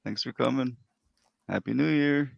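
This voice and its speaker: Gravelly laid-back stream host. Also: male voice, medium pitch, normal speed, no room sound, highs cut off. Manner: laid-back, greets viewers by name. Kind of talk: casual chat.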